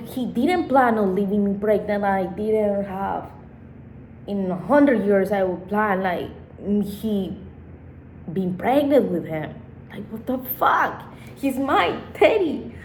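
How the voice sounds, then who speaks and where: A woman's voice: medium pitch, creaky, a little mellow. A woman vlogger telling a personal story in a rambling, emotional way with frequent swearing. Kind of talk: casual storytime monologue. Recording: echoey room with faint background noise.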